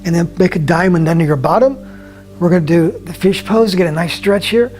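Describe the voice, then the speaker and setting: Calm male yoga instructor, slightly high. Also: soft background music. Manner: calm, slow guiding cues with soft drops in volume. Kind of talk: guided yoga class instruction.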